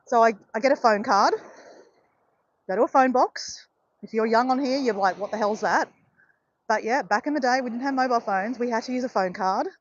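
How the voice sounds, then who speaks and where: A woman's voice: fairly high pitch, muffled recording. Chatty woman telling a travel story. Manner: chatty, keeps saying "guys" and "right". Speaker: vlogger. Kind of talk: casual storytelling on a walk.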